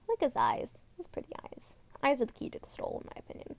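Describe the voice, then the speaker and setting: Young female streamer, high voice, chatty and rambling, swears freely, dry recording. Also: very animated, quick pace, darkish tone, no room sound. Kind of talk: casual chat over a model viewer.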